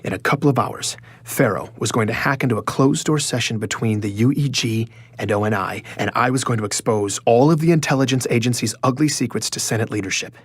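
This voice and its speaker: A man's voice: mid-range voice, a little fast, breathy edge, no room sound, close to an everyday voice. An actor playing an anxious male journalist in an audio drama, narrating in first person and stammering when nervous.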